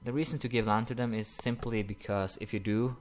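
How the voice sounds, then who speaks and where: A young man commenting casually while playing a strategy game, rambling with many fillers and quick apologetic asides. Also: on the low side, steady tone. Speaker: gaming commentator. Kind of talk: casual let's-play commentary.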